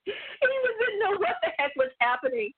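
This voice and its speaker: A woman's voice: extremely high pitch, sing-song, moderate pace. A woman spiritual teacher telling a story in a casual, rambling way, full of asides and restarts. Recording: tinny phone-like line.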